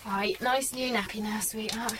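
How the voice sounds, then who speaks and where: An actress playing a protective young mother in a radio drama, soft with her baby and firm under pressure. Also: mid-range voice, fairly even intonation, normal speed, noisy background, lightly acted. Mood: tender. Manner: soft and tender, turning firm and pleading.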